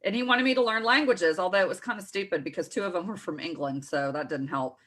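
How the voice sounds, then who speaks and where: A woman's voice: on the low side, quick pace, a bit bright. A woman in her forties with a Texas accent, co-hosting a casual morning show and telling rambling stories with self-correcting asides. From Southern United States. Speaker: co-host.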